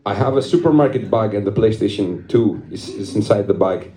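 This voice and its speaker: A man's voice: lowish voice, a little fast, mellow, echoey room. A young man performing a stand-up comedy set, telling a rambling story, laughing at his own jokes and swearing casually.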